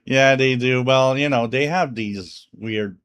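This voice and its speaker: A man's voice: mid-range voice, takes it slowly, fairly bright tone, smooth, no echo. A French Canadian man, a native French speaker, hosting a live stream. He chats casually, reads viewer comments aloud and laughs often between fillers. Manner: chatty, laughs often, many fillers like "you know". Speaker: livestream radio host.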